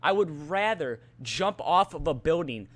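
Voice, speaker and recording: A man's voice: a little high, animated, a little slow. A teenage boy venting in an angry rant about school, profane and exasperated, often stumbling over his words and restarting. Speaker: student venting on a vlog.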